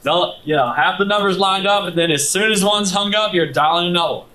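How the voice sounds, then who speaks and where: A man teaching a live workshop, coaching the room in a brisk, direct way. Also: high-pitched, sharp tone, rough recording. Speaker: instructor.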